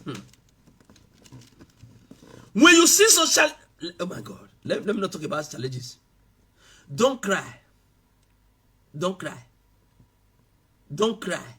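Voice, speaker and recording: A man preaching a sermon, swinging between loud shouted passages and quiet asides. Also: sits high, sing-song, slow, pauses often, slightly rough. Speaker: pastor.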